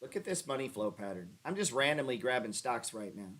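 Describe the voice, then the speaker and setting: Brief: man, streamer host, mid pitch, profane and sarcastic, mocking chat while walking through charts. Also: fairly quick, few pauses. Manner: animated pitch jumps when ribbing viewers. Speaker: stock trading livestream host. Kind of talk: casual livestream chart talk.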